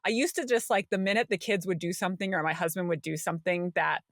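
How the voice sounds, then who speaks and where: A woman's voice: fairly low pitch, fast, no room sound, studio quality. A woman co-hosting a podcast, telling a story in casual chat and acting out what people said. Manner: animated storytelling, acting out quoted voices. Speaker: podcast co-host.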